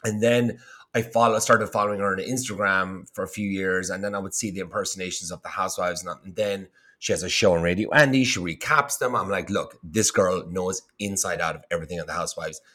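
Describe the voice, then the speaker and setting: A man's voice: low-pitched, brisk, pushed and bright. A man, a cookbook author guest, telling a story in casual chat with lots of fillers. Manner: rambling, filler-heavy storytelling.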